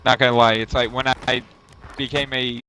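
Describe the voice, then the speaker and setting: A young man talks casually over a game stream, drifting through a long story, swearing and restarting his sentences. His voice sits at an ordinary, middle pitch. A clear layer of background noise runs under the recording. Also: flat delivery, normal speed, pushed and bright. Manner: rambling, profane storytelling with self-corrections. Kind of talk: casual chat while gaming. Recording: noisy stream audio.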